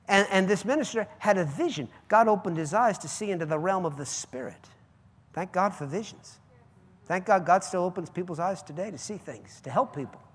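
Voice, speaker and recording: A man preaches a sermon in a high voice, dropping to hushed asides and then rising to loud, slowed proclamations. His voice rings with the long reverb of a large hall. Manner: dramatic swings between hushed asides and loud drawn-out proclamations.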